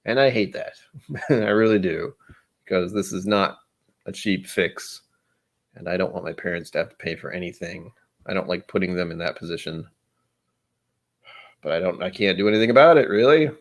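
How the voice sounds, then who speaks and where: A man with a low voice hosts a livestream, chatting casually over drinks at normal speed and pausing often. He rambles, jokes and pokes fun at himself.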